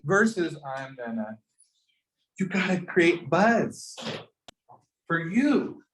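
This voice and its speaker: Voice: medium pitch, sing-song, takes it slowly, a little hiss or hum. Pushy fired-up class teacher. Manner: pushy, fired-up, calls on students directly. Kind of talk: lively classroom coaching. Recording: echoey classroom.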